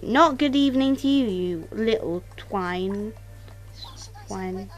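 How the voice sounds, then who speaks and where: A woman doing casual let's-play commentary to her viewers, excitable, exclaiming and mildly swearing, recorded on a tablet. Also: medium pitch, slow. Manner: talks straight to viewers. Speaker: gaming YouTuber.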